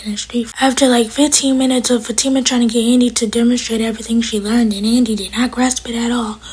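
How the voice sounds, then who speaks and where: Fast breathy whispering woman. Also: fairly high pitch, flat delivery, a little mellow. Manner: recounts scenes quickly, quoting characters with "like". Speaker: TV episode reviewer. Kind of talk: casual recap.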